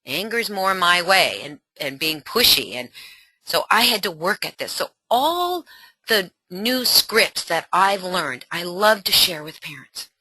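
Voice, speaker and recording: A middle-aged woman teaching a parenting webinar as a coach, in an animated and encouraging way. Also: fairly low pitch, unhurried, dry recording.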